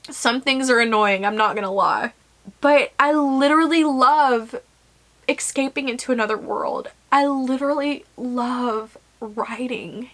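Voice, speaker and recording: Brief: young woman, self-published author vlogging, earnest and emotional, a bit high-pitched. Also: a bit bright. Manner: earnest, emotional, rambling with repeated phrases. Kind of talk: emotional casual vlog to viewers.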